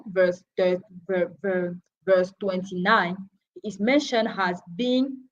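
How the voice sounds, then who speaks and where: A woman giving a Bible teaching, going through names, chapters and verses and sometimes stumbling over her words. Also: medium pitch. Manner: deliberate, with restarts and verse citations. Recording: dull lo-fi broadcast audio.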